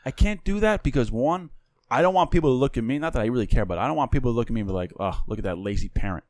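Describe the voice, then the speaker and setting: Fast-talking young man, casual podcast chat. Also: medium pitch, no echo. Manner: fast, animated storytelling with quoted dialogue. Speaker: podcast co-host.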